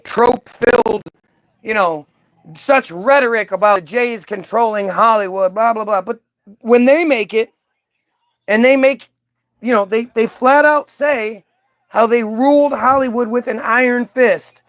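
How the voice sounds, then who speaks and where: Brief: male commentator, high voice, worked-up profane rant with stammered repeats, dry untreated sound. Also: measured pace, a bit bright, no room sound. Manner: ranting, profane, repeats words when worked up. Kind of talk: heated commentary while reading aloud.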